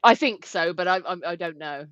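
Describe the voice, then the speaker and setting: A woman's voice: lowish voice, a little fast, fairly bright tone, clean tone, no echo, muffled recording. A woman co-hosting a livestream, chatting casually and reading out viewer comments. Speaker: livestream co-host.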